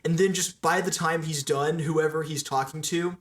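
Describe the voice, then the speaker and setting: A man co-hosting a casual amateur film podcast, going through points in a measured way. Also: a little high, fairly even intonation. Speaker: podcast co-host. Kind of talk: casual chat.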